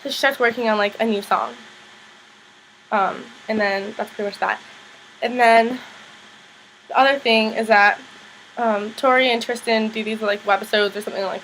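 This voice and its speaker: Recapping a TV episode in a chatty vlog, a young woman with a fairly bright tone peppers her talk with "like" and acts out characters' lines in raised voices. The audio is poor, with slight background noise.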